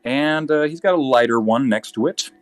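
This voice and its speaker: A man narrating as game master in a tabletop game, relaxed, with frequent fillers and self-corrections. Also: mid-range voice, moderate pace, soft background music.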